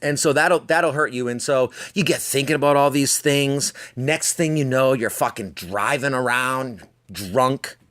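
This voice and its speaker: A man at a middle pitch hosts a podcast alone, spinning a long story in a loose, meandering way. He swears nearly every sentence and mocks himself as he goes, now and then slipping into voices for the people in the story. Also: unhurried, a bit bright. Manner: swears constantly, rambling, self-mocking; slips into voicing people in his anecdotes. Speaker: podcast host. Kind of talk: profane storytelling monologue.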